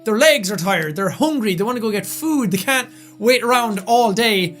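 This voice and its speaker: A young man with a raspy, strained voice, excitedly recapping events in a casual vlog. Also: sits high, normal speed, soft background music. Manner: loud, excitable talker. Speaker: YouTuber.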